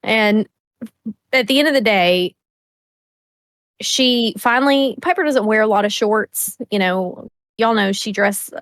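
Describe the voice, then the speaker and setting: A woman's voice: mid-range voice, no echo. A woman co-hosting a podcast in casual chat, telling a story bluntly with frequent laughs and swearing. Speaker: podcast co-host.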